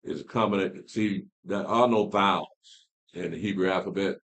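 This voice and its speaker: A man's voice: low-pitched, moderate pace, fairly bright tone. A man leading a Bible class, talking casually, asking rhetorical questions and repeating words as he explains. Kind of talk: casual teaching talk.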